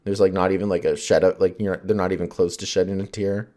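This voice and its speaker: A man's voice: sits low, level tone, fast talker, mellow. A man hosting his own podcast, rambling in casual chat, full of fillers and swearing and laughing often.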